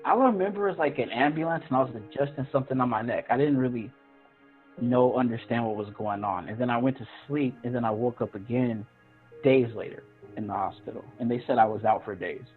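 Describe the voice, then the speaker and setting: Telling a personal story as a podcast guest, a man speaks fairly quickly in a mid-range voice. He's earnest, and at moments he raises his voice to mimic how he reacted in the past; the sound is tinny phone-line audio with faint music.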